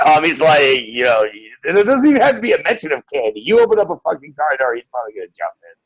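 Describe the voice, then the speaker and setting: A gravelly young man talks in a lively, up-and-down way, swearing freely as he spins casual podcast stories. His voice is recorded close and dry, with no room sound around it. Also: on the high side, fast talker, no room sound, low-quality recording. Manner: laid-back storytelling, swears a lot; doing his toddler's voice in anecdotes. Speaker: podcast co-host. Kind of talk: casual chat.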